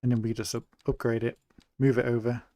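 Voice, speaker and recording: Gravelly, chatty English male streamer. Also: medium pitch, brisk, no room sound. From England. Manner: relaxed, chatty, thinking aloud while building. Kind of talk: live gameplay commentary.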